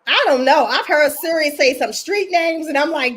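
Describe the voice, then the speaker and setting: An older woman with a Baltimore accent, casually chatting and laughing as a podcast co-host, her voice worn down and going hoarse. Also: high voice, normal speed, a little hiss or hum. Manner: laughing, animated, teasing. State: losing her voice. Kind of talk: casual chat.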